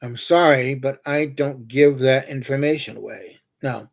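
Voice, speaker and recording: With a creaky, medium-pitched voice and a slightly slow delivery, a man running a livestream chats offhandedly. His talk rambles as he tells meandering anecdotes laced with jokes.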